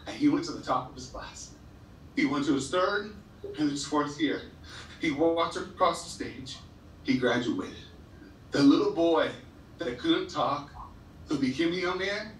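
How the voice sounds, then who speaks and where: Heartfelt guy speaker at a school assembly, a bit high voice, big echoey room, mic far off. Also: fairly bright tone, a little hiss or hum. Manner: earnest, heartfelt, repeats and restarts when moved. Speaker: motivational speaker. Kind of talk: emotional storytelling speech to students. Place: large school hall or gym.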